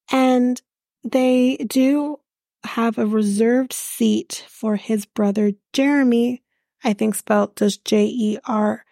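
A woman's voice: fairly high pitch, creaky, warm tone, dry recording, clean studio sound. A woman hosting a podcast, recapping a reality show in a blunt, profane, ranting chat.

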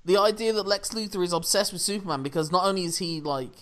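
A young man co-hosting a podcast, chatting casually about films with quick jokes and frequent laughter. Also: sits high, a bit bright. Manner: quick, jokey, laughs often. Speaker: podcast co-host. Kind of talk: casual film review chat.

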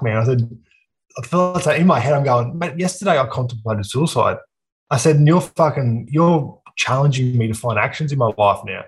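A man's voice: medium pitch, rough recording. Sweary Australian man telling his story. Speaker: podcast guest. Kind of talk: casual conversation.

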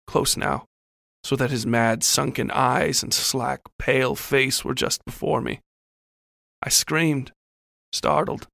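A man's voice: mid-range voice, vocal fry, fairly bright tone, no room sound, studio quality. A man reading a first-person horror story in a scripted narration style.

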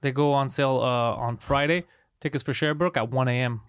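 A man hosting a podcast in casual chat, teasing and swearing freely in quick banter. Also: mid-range voice, fairly even intonation, clean tone, no room sound, clean studio sound. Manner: teasing, profane, fast banter. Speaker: podcast host and comedian.

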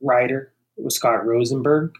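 Casual male podcast co-host, mid-pitched, rambling and laughing. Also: fairly even intonation, measured pace. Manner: laughs often, rambling tangents. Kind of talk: casual movie podcast chat.

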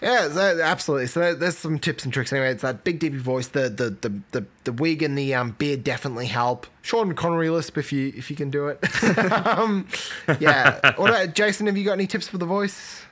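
Bright-voiced laughing man. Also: a little high, fairly quick. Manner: chatty, laughs often, many restarts. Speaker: co-host. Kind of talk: casual podcast chat.

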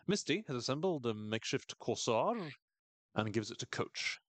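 A man's voice: medium pitch, very animated, normal speed, dry recording. A man hosting a podcast, recapping a TV episode in a wry, chatty way with frequent laughs. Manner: wry, chatty, laughs often, quotes characters in funny voices. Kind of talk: casual chat.

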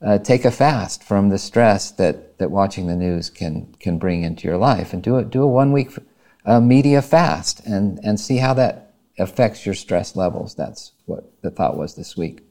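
A man's voice: fairly low pitch, lively intonation, dark tone. A man hosting a health podcast, talking in a thoughtful, rambling way. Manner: rambling, thoughtful, halting restarts. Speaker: podcast host, coaching program lead. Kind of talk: casual podcast discussion.

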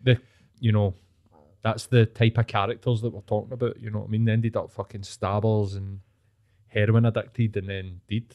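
A Glaswegian podcast host in his late thirties tells school stories in casual, sweary chat, laughing often. His voice is fairly low with a flat delivery at a moderate pace, and the recording's highs are cut off.

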